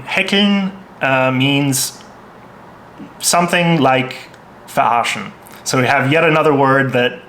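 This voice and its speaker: A man's voice: mid-range voice, fairly bright tone, a little hiss or hum. A man giving a casual vocabulary lesson, hesitant, with lots of ums and restarts. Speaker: language teacher.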